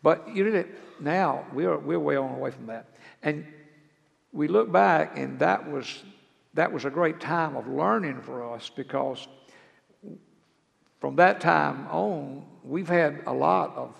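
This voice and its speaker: A man's voice: on the high side, takes it slowly, creaky. An older man preaching in a folksy, earnest way, speaking about decades in ministry. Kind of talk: sermon. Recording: long hall reverb.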